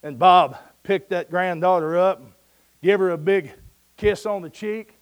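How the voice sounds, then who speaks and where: High-voiced preacher telling a tender story. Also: male voice, a little slow, clean tone. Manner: storytelling, dropping to a soft hush at moving points; folksy and conversational. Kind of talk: sermon.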